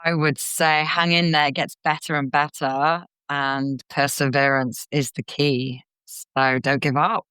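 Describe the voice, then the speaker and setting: A woman comedian and actor chatting as a guest in an interview, lively and quick to slip into character voices. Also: deep voice, clear, resonant tone, dry recording. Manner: animated, slips into character voices. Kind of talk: casual interview chat.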